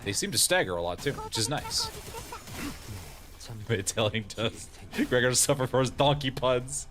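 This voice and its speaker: Man, game streamer, animated, bright tone, faint game music behind, jokey and laughing. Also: medium pitch, a little slow, pauses often. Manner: laughs often, jokey, reads game lines aloud. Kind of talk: casual let's-play commentary.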